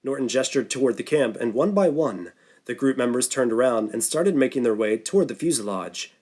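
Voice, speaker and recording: A man narrating an audiobook at a medium pitch, steady and even. His delivery is measured and clear. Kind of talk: scripted narration.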